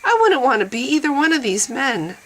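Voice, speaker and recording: A woman's voice: high-pitched, big pitch swings, fairly quick, poor audio. A middle-aged woman talking bluntly and profanely in a casual vlog monologue, laughing often. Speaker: vlogger.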